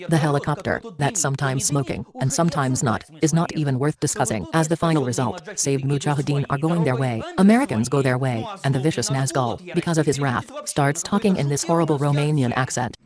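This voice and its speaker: A narrator delivers a scripted film review in a dry, sarcastic tone, mocking each scene. The voice sits at a middle pitch, and the phrasing is slightly broken English. Movie sound and a noisy crowd are audible underneath. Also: brisk.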